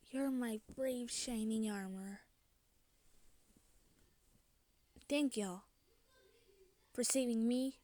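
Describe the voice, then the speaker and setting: A tender-hearted young mermaid , voiced by a woman speaks in a fan-made story with a slightly raised, slow drawl. She leans on y'all and sounds soft and sincere. The recording is dry and close. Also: a little high, dry recording. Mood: grateful, loving.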